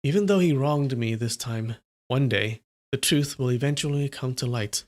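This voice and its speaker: A man's voice: medium pitch, normal speed, natural voice. A man voicing a humble, earnest young swordsman who pleads with his master, as he reads a story aloud.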